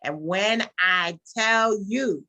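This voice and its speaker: A woman's voice: mid-range voice, very slow. A woman gospel singer and songwriter, guest in an interview, telling her story earnestly and acting out the conversations she recalls. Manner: earnest, animated storytelling, acts out quoted dialogue. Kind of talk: casual interview, personal testimony.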